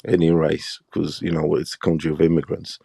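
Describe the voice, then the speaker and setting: A man's voice: extremely low pitch, completely flat delivery, a little fast, creaky, mellow, breathy edge, dry recording, clean studio sound. A man hosting a live boxing talk show in casual, blunt, profane chat, pressing his points hard.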